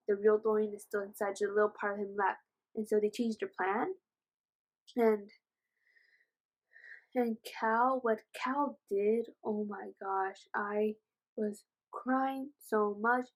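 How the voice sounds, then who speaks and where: A woman retelling a novel's plot in a casual book review vlog, gushing and excitable, with rambling asides and many fillers. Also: medium pitch, low-quality recording. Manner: gushing, excitable, says "oh my gosh" often.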